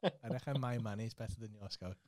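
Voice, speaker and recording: A man's voice: fairly low pitch, fast, darkish tone. A man with a Scouse accent hosting a podcast, chatting casually, teasing his guest, laughing and swearing freely. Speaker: podcast host. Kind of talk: casual chat.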